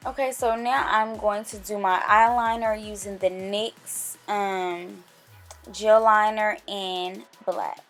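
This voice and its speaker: A young woman chats her way through a makeup tutorial, speaking straight to her viewers in a relaxed, conversational voice at an ordinary pitch. Soft music plays faintly underneath. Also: slow pace. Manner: chatty, talks straight to viewers. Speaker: beauty vlogger. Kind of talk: casual makeup tutorial narration.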